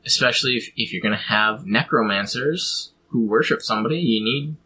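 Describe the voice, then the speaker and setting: Bright-voiced man explaining game worldbuilding. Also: fairly low pitch, fairly quick, a little hiss or hum, poor audio. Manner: rambling, explanatory, with frequent ums and laughs. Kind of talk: casual chat about tabletop game design.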